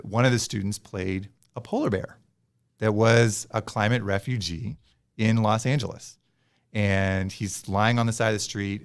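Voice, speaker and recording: A male professor being interviewed, his voice a little low. He thinks aloud, stopping to restart phrases and fill gaps with "uh" and "you know." The tone is relaxed and conversational. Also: smooth. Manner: hesitant, with many fillers and restarts. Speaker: professor, guest.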